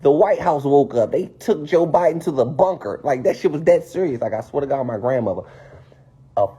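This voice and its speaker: Husky man ranting with lively swings. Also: a little high, fairly quick. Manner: animated, profane, conspiratorial. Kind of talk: casual rant to viewers. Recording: dull lo-fi stream audio.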